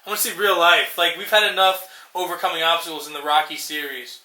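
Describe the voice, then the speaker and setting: A man's voice: on the high side, steady tone, fast talker, bright, forceful tone, reverberant, rough recording. A young man ranting sarcastically and profanely in casual chat, acting out movie lines as co-host. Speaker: podcast co-host.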